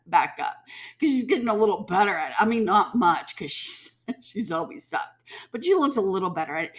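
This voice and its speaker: A woman giving heated, blunt commentary, swearing freely and mimicking people mockingly. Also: fairly low pitch. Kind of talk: ranting commentary.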